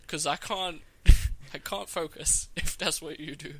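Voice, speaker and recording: A man's voice: on the high side, slow, hardly any pauses, sharp tone, no room sound. A young man co-hosting a podcast in casual chat, crude and joking, often giggling. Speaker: podcast co-host.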